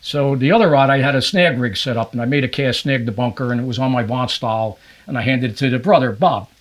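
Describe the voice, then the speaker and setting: An older New Jersey man, a fishing guide appearing as a podcast guest, tells animated stories in a casual interview. He speaks fast at a medium pitch and acts out the voices of other people in his anecdotes.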